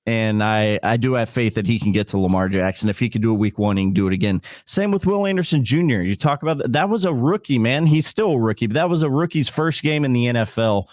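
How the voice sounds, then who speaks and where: A man's voice: medium pitch, lively intonation, fast talker, hardly any pauses, dry recording, clean studio sound. A man talking as a guest on a casual sports podcast, enthusiastic, with stammering restarts.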